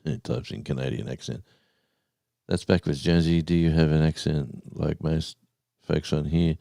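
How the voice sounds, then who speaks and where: A man's voice: rumbling low, steady tone, normal speed, creaky, mellow, no room sound, clean studio sound. A man hosting a live stream, telling a rambling story in casual chat and reading out names from the chat. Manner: rambling storyteller, reads chat names aloud, says mate.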